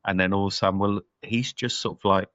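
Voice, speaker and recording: A man's voice: deep voice, fairly even intonation, fast talker, a bit bright, no echo, dull audio. A man co-hosting a podcast, chatting casually about a film and thinking aloud with lots of fillers. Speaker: podcast co-host. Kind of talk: casual film review chat.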